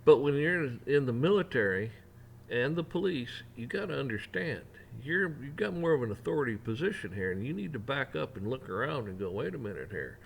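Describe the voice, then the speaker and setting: A man in the middle of a fired-up rant, voice at an ordinary middle pitch. He jabs at authority, slips into sarcastic mimicry of officials, and keeps climbing in force as he goes. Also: lively intonation, fairly quick, creaky, slight background noise. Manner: heated, mocking, rising to near shouting at peaks. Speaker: rant channel host. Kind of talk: opinion rant to camera.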